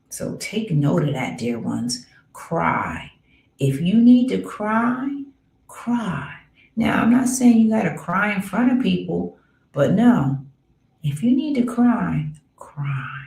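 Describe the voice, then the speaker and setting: A woman with a low voice hosts a healing podcast, talking slowly and earnestly. She repeats her points for weight, calls listeners dear ones and sometimes sinks into a whisper. The sound is roomy and echoey. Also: gravelly. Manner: drops to soft whispers on key words. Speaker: podcast host, spiritual healer. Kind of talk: slow, earnest spiritual talk.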